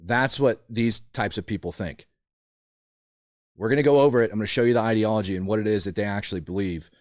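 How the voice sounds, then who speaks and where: A man's voice: lowish voice, fast, no room sound, clean studio sound. A man hosting an opinion show, blunt and indignant, often stumbling over repeated words as he rants. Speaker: commentary show host. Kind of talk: opinionated political commentary.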